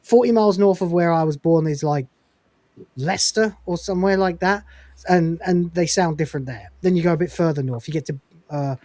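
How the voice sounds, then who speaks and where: A man's voice: a little high, a little fast, darkish tone, no echo. A man hosting a podcast, chatting casually in a rambling, sweary, loose way over an online call. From England. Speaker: podcast host.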